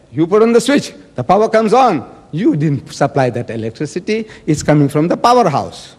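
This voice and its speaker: A man's voice: fairly high pitch, darkish tone, breathy edge. Emphatic man debating in a reverberant hall. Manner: emphatic, argumentative, acting out quoted speech. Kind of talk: public debate speech.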